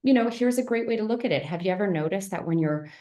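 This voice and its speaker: A woman's voice: medium pitch, lively intonation, fast talker, mellow. A woman teaching an online health class in a conversational way, often asking rhetorical questions and checking in with "right?". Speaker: naturopathic teacher. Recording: roomy echo.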